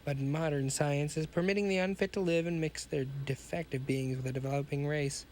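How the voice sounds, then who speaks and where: A man's voice: a little high, steady tone, fairly quick, a little mellow, a little hiss or hum, lightly acted. A man voicing a sinister hunchbacked male mad scientist in a read-aloud pulp story, with a grandiose, ranting manner.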